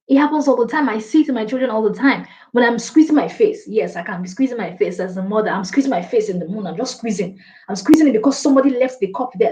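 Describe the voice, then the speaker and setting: With a mellow, slightly high voice, a woman coaches a live online class about presentations. She reads viewer comments aloud and laughs often, and the stream audio sounds dull and lo-fi.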